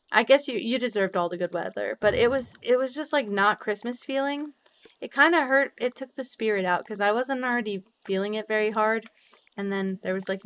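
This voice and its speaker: A young woman streamer chatting casually with her viewers while decorating in a game, bubbly and quick to swear. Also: mid-range voice. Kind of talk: casual live-stream chat while gaming.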